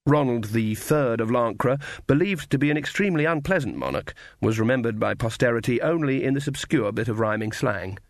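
A man's voice: medium pitch, animated, brisk, hardly any pauses, no echo. A man narrating an audiobook in a wry, dry manner. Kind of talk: scripted narration.

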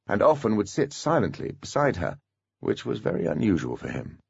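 A man reading an audiobook in an expressive storytelling manner. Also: sits low, creaky, breathy edge, no echo. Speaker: audiobook narrator. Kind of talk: scripted audiobook narration. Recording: dull, dry lo-fi recording.

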